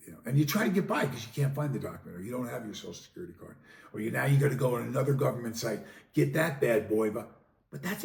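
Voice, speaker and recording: A man hosting a podcast in a heated monologue, swinging from loud outbursts to low, sarcastic mutters. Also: gravelly. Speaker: podcast host. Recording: echoey room, distant mic.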